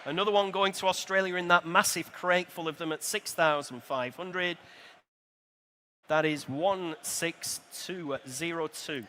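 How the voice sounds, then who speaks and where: A man working as an auctioneer, briskly calling bids at a live sale in a large exhibition hall, with dry asides to the room. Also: a little high, pushed and bright.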